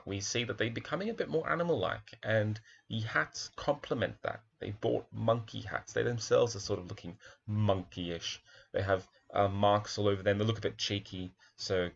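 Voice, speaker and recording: A man's voice: on the low side, creaky, fairly bright tone, lo-fi sound. A man, a primary school teacher, talks thoughtfully through a picture book, admiring its pages and asking questions aloud.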